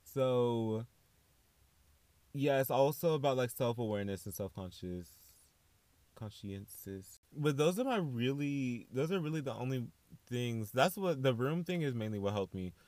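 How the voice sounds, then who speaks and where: A young man, hosting a casual solo podcast in a chatty, animated way with sassy asides. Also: medium pitch, unhurried, no room sound. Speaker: podcast host.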